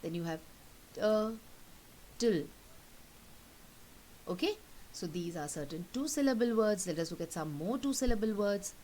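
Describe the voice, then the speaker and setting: A woman's voice: lowish voice, animated, a little mellow, poor audio. A woman teacher giving a recorded lesson, patiently saying each word twice to model its pronunciation. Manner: patient, repeats words slowly to model pronunciation. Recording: faint hiss.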